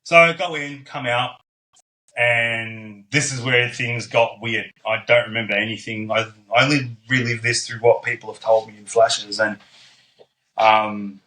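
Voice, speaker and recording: Bright-voiced man, laid-back and blunt. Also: lowish voice, poor audio. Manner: blunt and laid-back, swears freely, frequent ums and likes. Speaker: podcast guest. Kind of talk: casual storytelling conversation.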